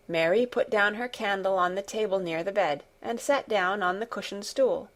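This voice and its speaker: Calm woman reading an audiobook. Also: medium pitch, moderate pace, few pauses. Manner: soft, even storytelling. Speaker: audiobook narrator. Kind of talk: calm scripted audiobook narration.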